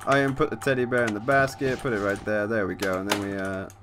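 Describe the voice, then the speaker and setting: A man's voice: fairly low pitch, flat delivery, fast, noisy background. A man giving let's play commentary on a horror game, reading the text aloud and swearing at jump scares. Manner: swears often, jumpy reactions, reads game text aloud. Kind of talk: gameplay commentary. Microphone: desk mic with facecam.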